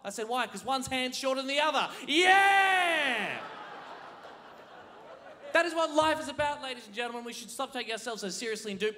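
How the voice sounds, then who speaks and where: A man doing a stand-up comedy set on a theatre stage, animated, dropping low to tell a story and shouting out the punchlines. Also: slight background noise. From Australia. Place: large theatre stage, laughing audience behind. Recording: live theatre recording with crowd.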